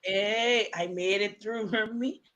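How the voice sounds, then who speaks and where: A woman from Bermuda, a podcast guest, telling lively stories in casual chat over a video call and laughing often. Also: medium pitch, slow, highs cut off.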